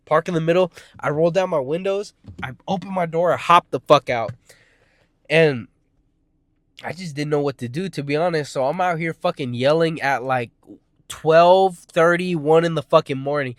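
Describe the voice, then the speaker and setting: A man's voice: on the high side, normal speed, no room sound, studio quality. A man in his twenties telling a personal story in a casual, rambling way, swearing constantly and often correcting himself. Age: 20s. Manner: profane, rambling, frequent swearing; restarts and self-corrections.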